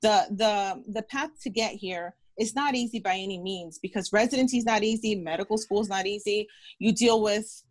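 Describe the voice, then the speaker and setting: A woman's voice: mid-range voice, normal speed. A woman in her thirties, a physician guest in an interview, talking earnestly and encouragingly, repeating phrases and acting out quotes. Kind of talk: interview storytelling.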